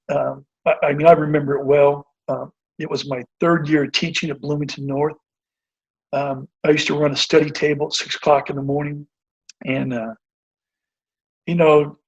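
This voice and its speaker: A basketball coach in his forties tells a long story during a casual interview, earnest and rambling, full of fillers and restarts. His voice sits fairly high with a husky quality, and the audio is dull and lo-fi.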